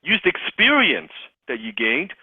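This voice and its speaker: A man's voice: fairly high pitch, wildly swooping pitch, moderate pace, breathy edge, no echo. A man coaching a sales team, emphatic and repeating his key points for the group. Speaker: sales trainer. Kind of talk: interactive sales coaching session. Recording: tinny phone-like call audio.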